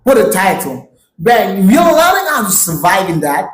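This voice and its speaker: A woman's voice: mid-range voice, big pitch swings, moderate pace, reverberant, rough recording. A woman hosting a reaction video, chatting casually and exclaiming as she talks back to a clip.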